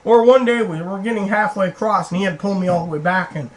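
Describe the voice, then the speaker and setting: A woman's voice: on the low side, quick pace, low-quality recording. A woman vlogger rambling through personal stories, acting out what other people said. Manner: rambling, acts out quoted people. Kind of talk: rambling personal storytelling to camera.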